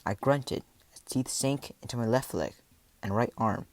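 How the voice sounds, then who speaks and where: A man reading a first-person adventure story aloud, with dramatic delivery and voiced shouts and animal sounds. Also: medium pitch, measured pace, creaky, no echo. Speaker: audiobook narrator.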